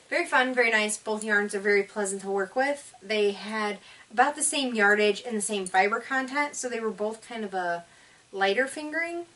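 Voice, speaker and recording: A woman's voice: medium pitch, fairly bright tone, far from the mic. A woman hosting a casual knitting vlog, chatty and enthusiastic but tired and yawning, rambling with many fillers. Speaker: knitting podcast host.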